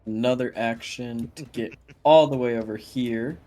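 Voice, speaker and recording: A man's voice: mid-range voice, normal speed, dark tone. A man playing a tabletop game over voice chat, answering in short, terse replies. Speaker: player.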